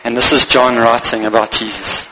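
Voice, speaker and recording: A man's voice: mid-range voice, fairly even intonation, normal speed, bright, forceful tone, slight background noise, low-quality recording. A man preaching a Christmas sermon as pastor, speaking earnestly in short phrases and reading scripture aloud.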